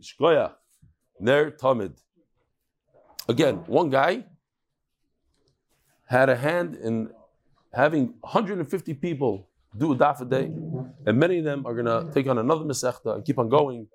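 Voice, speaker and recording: Hoarse man teaching a Talmud class. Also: medium pitch. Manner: chatty, with quick asides to people in the room. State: hoarse from a cold. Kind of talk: casual Talmud lesson.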